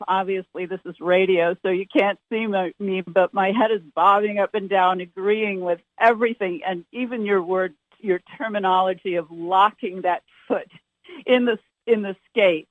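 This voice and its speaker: A woman with a New York accent, a ballet teacher guest on a radio interview, eager and quick to agree. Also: mid-range voice, fairly even intonation, no room sound. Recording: dry, phone-like narrow band.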